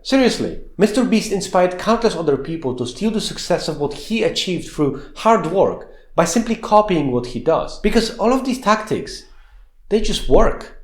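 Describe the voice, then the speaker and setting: Expressive, sarcastic male commentary host. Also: sits high, normal speed. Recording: roomy echo with faint background music.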